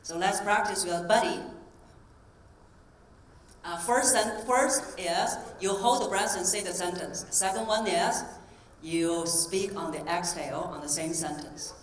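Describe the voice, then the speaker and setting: A woman voice coach giving a live stage talk, coaching the audience through breathing exercises in a clear, encouraging tone. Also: on the low side, measured pace. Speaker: voice coach and keynote speaker. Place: convention hall stage. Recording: roomy hall sound from a distance.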